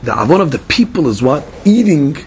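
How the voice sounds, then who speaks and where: A man teaching a Talmud lesson in an animated, questioning way, often repeating words and mixing in Hebrew and Aramaic terms. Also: a little high, brisk, slight background noise.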